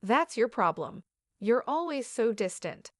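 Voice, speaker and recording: A woman's voice: a little high, big pitch swings, measured pace, dry recording, studio quality. A woman voicing a smug teenage younger sister who mocks with fake concern. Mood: mocking. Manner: sneering, falsely concerned.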